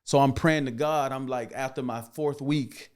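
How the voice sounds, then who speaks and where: A man's voice: mid-range voice, moderate pace, clear, resonant tone. Middle-aged man telling a story. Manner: builds to loud excited bursts when acting out scenes. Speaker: guest. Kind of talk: animated storytelling.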